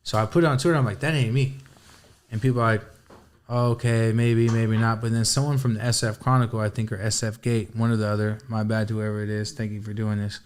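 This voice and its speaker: A man chatting casually as a podcast guest, telling a story in an animated way with heavy slang and lots of swearing, acting out his own reactions. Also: fairly low pitch, quick pace. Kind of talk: casual chat.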